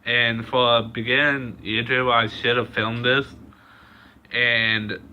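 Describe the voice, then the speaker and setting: A young man vlogging a personal story in a casual, halting way, with lots of pauses and fillers. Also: medium pitch, level tone, slight background noise. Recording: dull lo-fi recording.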